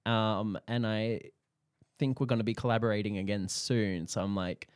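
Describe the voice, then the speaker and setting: Animated young Australian man, dry close sound. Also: fairly low pitch, moderate pace, clean tone, dry recording. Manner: animated storytelling, acts out quoted dialogue, laughs often. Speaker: guest photographer. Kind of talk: casual interview chat.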